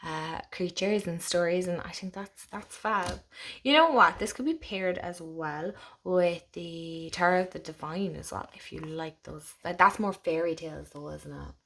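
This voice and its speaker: A young Irish woman chatting casually as she walks through a tarot deck, gushing and laughing, sometimes dropping to a soft whisper. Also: on the low side, normal speed. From Ireland. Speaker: tarot channel host.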